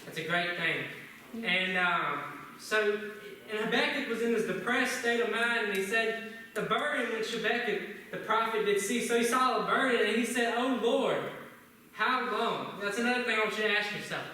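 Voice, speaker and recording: A man's voice: high voice, moderate pace, bright, forceful tone, a little hiss or hum. A man preaching a sermon in church, opening with prayer and asking the congregation many questions. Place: church sanctuary. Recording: echoey church room, from a distance.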